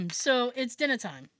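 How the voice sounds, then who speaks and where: A woman's voice: on the high side, no room sound. A woman co-hosting a podcast, telling a family story in casual chat, acting out relatives' lines with laughter. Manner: animated, acts out family members' lines; frequent "like" fillers and laughter. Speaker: podcast co-host.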